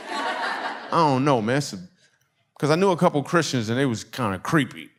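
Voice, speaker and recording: A man's voice: mid-range voice, brisk. A man from Michigan doing a stand-up comedy set, telling stories and acting out the people in them. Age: adult. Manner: animated, acts out quoted voices, laughter in the crowd.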